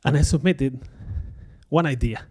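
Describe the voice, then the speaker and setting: A man giving a conference talk before an audience, speaking candidly and poking fun at himself, with frequent laughs and lively acted-out quotes. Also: mid-range voice, a little slow, breathy edge. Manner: candid, self-deprecating, laughs often; acts out quoted remarks in a livelier voice.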